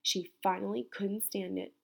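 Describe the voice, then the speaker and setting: A woman teacher reads a picture book aloud to her class in an expressive storytelling voice. Her voice sits in a middle range with a gravelly, creaky texture. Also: medium pitch, moderate pace.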